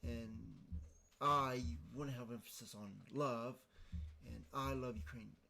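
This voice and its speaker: A man talks through a grammar point on his podcast at a mid pitch. He thinks out loud, hesitating, restarting, and dropping ums between phrases, in a loose conversational way. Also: steady tone, slow, vocal fry. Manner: hesitant, many fillers and restarts, thinking aloud. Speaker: podcast host. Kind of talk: casual explanatory monologue.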